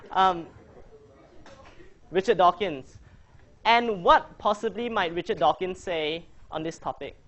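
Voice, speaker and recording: A man's voice: high voice, fairly bright tone, lo-fi sound. A man coaching a debating workshop, chatty and joking as he quizzes his audience. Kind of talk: casual workshop presentation.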